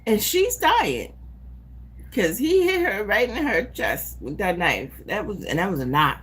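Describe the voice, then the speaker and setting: A woman live-streaming casually, retelling a movie in an animated, profane, rambling way. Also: mid-range voice, unhurried, slightly rough. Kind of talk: casual chat recapping a movie.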